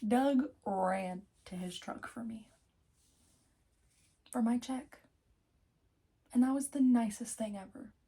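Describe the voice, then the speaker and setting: A woman's voice: on the high side, takes it slowly, gravelly, pauses often, slightly rough. Breathless, laughing young woman. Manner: animated, swears freely, laughs often. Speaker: vlogger. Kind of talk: casual storytime vlog.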